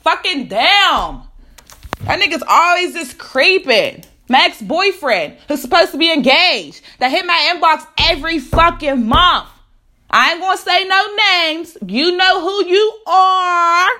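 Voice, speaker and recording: A woman's voice: extremely high pitch, lively intonation, unhurried, bright, forceful tone. A woman, ranting bluntly to camera, profane and emphatic with repeated rhetorical questions.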